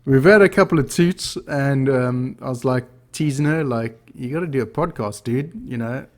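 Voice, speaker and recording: A man's voice: mid-range voice, normal speed. A man hosting a casual podcast at home, joking, swearing and laughing a lot after a few drinks. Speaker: podcast host. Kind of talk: casual tipsy chat.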